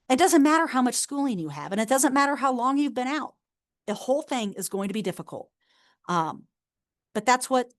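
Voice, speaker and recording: A woman in her thirties, a university enrollment advisor, giving a casual, encouraging recorded orientation talk with many fillers and restarts. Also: mid-range voice.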